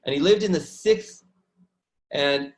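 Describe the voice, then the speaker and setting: A man teaching an online lesson from slides, animated and often checking in with listeners by asking "right?". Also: a little high, slow. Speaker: educator.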